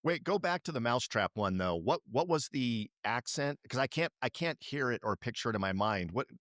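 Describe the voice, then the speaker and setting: Middle-aged guy on a podcast, lively up-and-down voice, dead dry sound. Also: medium pitch, a little fast, no echo. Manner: animated, swears casually, slips into kid-commercial impressions. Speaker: podcast co-host. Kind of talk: casual chat.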